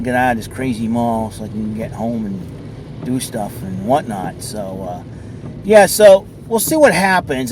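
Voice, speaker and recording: This medium-pitched man is a vlogger from southern New England who rambles through a casual chat from his car at a mall, using many fillers. The background is noisy.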